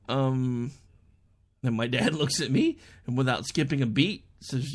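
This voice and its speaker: A man's voice: medium pitch, lively intonation, measured pace. A young adult man hosting an online talk show, chatting through a casual monologue and telling stories in which he quotes people in raised voices.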